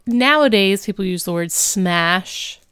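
A woman's voice: mid-range voice, animated, measured pace, fairly bright tone, smooth, dry recording, clean studio sound. Chatty woman co-hosting a podcast. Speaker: podcast co-host. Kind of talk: casual rewatch podcast chat.

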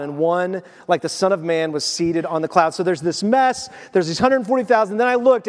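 Animated male pastor preaching in a hall. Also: high-pitched. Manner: animated storytelling, acts out quoted voices. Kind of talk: sermon. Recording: long reverb of a church hall.

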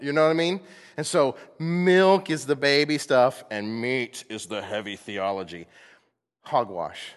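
Animated male pastor in a reverberant hall. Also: mid-range voice, moderate pace. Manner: animated, playful, acts out voices. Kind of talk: sermon. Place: church sanctuary.

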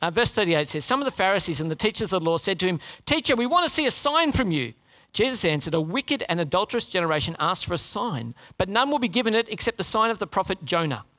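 A male pastor delivering a sermon in a high, bright voice. He is animated, pushing his pitch up on key points and dropping to a hushed, low tone when he prays. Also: quick pace, hardly any pauses. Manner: animated, rises high for emphasis and drops low for prayer.

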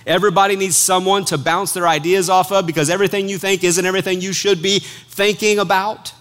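A man with a fairly high voice preaching a sermon. He reads scripture aloud, then breaks it down in an animated, conversational way and jokes with his listeners. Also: brisk. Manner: animated, conversational, joking with the congregation.

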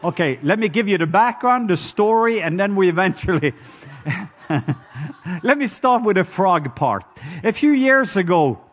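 A middle-aged man with a Norwegian accent preaching a sermon, telling stories with lively call-and-response and acting out sounds with loud hoots and croaks. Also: high-pitched, unhurried, some chatter behind. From Norway. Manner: animated storytelling with call-and-response.

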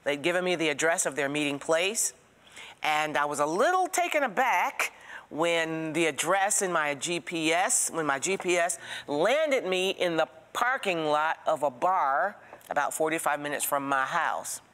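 A woman's voice: low voice, unhurried. Preacherly woman teaching in a reverberant hall. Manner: expressive, preacherly, asks the listener direct questions. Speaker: Bible teacher. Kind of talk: Bible study teaching with storytelling.

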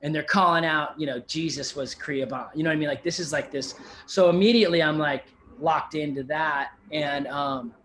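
A man telling a personal story in casual conversation as a podcast guest, animated, swearing freely and often asking "you know what I mean". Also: a little high, normal speed, hardly any pauses, a little hiss or hum.

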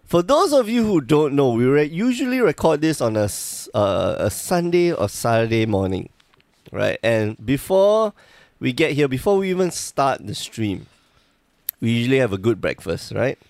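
A man's voice: medium pitch, big pitch swings, normal speed, darkish tone, no room sound, clean studio sound. A man hosting a casual podcast, joking and rambling, with a slight lisp from a sore tongue. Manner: joking, rambling, self-deprecating. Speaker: podcast host.

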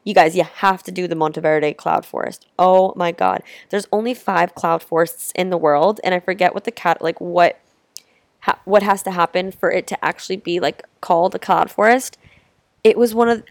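Chatty young woman with a gravelly voice. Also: lowish voice, dry recording, studio quality. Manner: chatty, heartfelt, lots of "like" fillers. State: tearful at times. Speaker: travel vlogger. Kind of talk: casual storytelling to camera.

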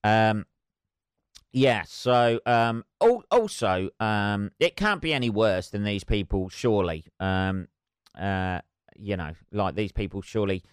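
A man's voice: fairly low pitch, lively intonation, takes it slowly, clean tone, no echo, clean studio sound. A man hosting a solo podcast, rambling and wry with constant swearing, sipping tea as he talks. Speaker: podcast host.

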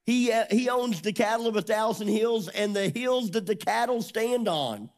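Animated man preaching a sermon. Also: sits high, moderate pace. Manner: animated storytelling, acts out dialogue. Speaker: pastor.

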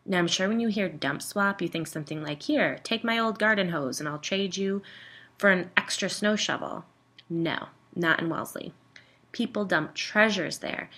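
A woman's voice: on the low side, a bit bright. A woman narrating a first-person story in a wry, conversational way.

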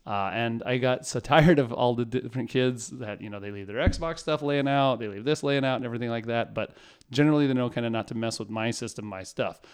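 A man's voice: mid-range voice, a little fast, clear, resonant tone. A man in his forties, a father of four, telling rambling, self-mocking family anecdotes in a casual chat. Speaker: podcast guest.

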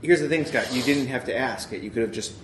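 A man's voice: mid-range voice, fast talker, fairly bright tone, reverberant, slight background noise. A man in casual chat, tossing in dry, teasing questions and remarks.

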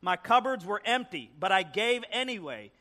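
A man voicing an elderly churchgoing woman who testifies fervently and shouts her praise. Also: medium pitch, sing-song, normal speed. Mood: grateful. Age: older.

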